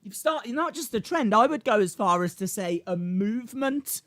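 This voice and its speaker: A man hosting a live stream, reacting excitedly to chat, shouting and laughing. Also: high voice, normal speed, dry recording. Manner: animated, shouts and laughs reading chat names.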